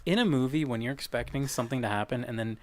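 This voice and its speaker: A man's voice: medium pitch, quick pace, very noisy. A man co-hosting a casual film podcast, talking hesitantly with many fillers. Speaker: podcast co-host. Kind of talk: casual chat.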